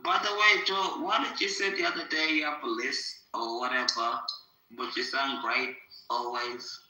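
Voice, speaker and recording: A man's voice: medium pitch, steady tone, normal speed, bright, forceful tone. A man hosting a podcast in casual chat, rambling, swearing and emphatic. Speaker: podcast host. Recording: echoey room.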